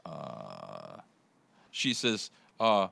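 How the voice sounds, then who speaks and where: A man's voice: very deep voice, wildly swooping pitch, very slow, vocal fry, bright, forceful tone. A man hosting a morning radio show, chatting and joking with his crew, laughing often. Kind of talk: casual talk radio banter.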